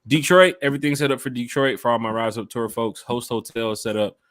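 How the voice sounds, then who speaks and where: A man's voice: medium pitch, quick pace, fairly bright tone, no echo. A man hosting a casual fan podcast, talking straight to listeners in a loose, upbeat, slangy way. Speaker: podcast host and fan club organizer. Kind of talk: casual chat.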